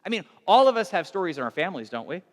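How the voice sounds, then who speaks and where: Storytelling male pastor with a higher-pitched voice. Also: very animated, very fast, big-room sound. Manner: conversational, self-deprecating, repeats and restarts. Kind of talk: casual storytelling sermon.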